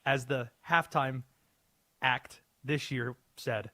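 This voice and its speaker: A man's voice: high voice, lively intonation, moderate pace, fairly bright tone, no room sound. A man hosting a call-in sports radio show, playful with a mock-grand patter.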